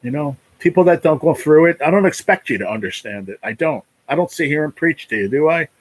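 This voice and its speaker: A man's voice: on the high side, lively intonation, fairly quick, poor audio. A man hosting a casual live stream, talking in a rambling, emotional way, full of "you know", and close to tears. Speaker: livestream host.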